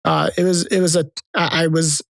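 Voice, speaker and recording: A man's voice: on the high side, level tone, normal speed, gravelly, no echo. A man guest on a podcast, animatedly telling stories full of military jargon and acting out other people's lines. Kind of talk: casual storytelling.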